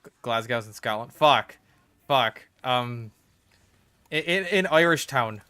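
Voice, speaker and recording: A man's voice: mid-range voice, lively intonation, takes it slowly, sharp tone, clean tone, no room sound. A man streaming a shooter game, rambling and joking with stammered restarts. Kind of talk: casual gaming commentary.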